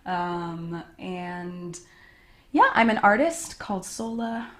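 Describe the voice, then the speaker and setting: A woman's voice: lowish voice, animated, slow. A woman in her twenties from California, a musician and podcast guest, chatting dryly and teasing the host. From San Jose, California. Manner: dry, teasing. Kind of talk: casual interview chat. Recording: echoey room with faint hiss.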